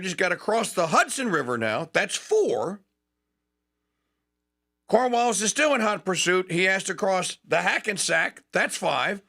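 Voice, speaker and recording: A man's voice: a little high, vocal fry, bright, forceful tone. A man hosting a talk show, telling a history story with enthusiasm, digressions and frequent restarts.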